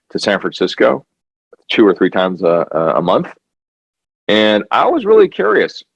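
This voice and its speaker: A man with a fairly low voice talks earnestly and with emphasis, often repeating himself to drive a point home. He is a documentary filmmaker being interviewed. The sound is muffled and lo-fi, with a dry, close feel. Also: dry recording. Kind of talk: conversational interview.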